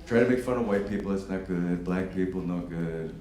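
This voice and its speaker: A man in his fifties doing a stand-up comedy set, with a profane, animated, punchy delivery. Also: deep voice, brisk. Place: comedy venue on stage. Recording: echoey room with background noise.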